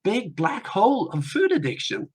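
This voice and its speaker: A man's voice: high voice, wildly swooping pitch, normal speed, breathy edge, voice pushed up, exaggerated voice. A man voicing a desperate male food addict stuck in a hole, begging for help. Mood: pleading. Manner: pleading, repetitive cries for help.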